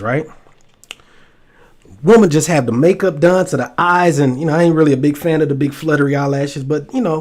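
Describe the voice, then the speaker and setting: A man, pitched a little high, hosts a loose, joking livestream from a computer setup at home. He talks straight to his viewers, animated and playful, often throwing in exaggerated voices for effect. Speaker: host. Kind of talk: casual livestream chat.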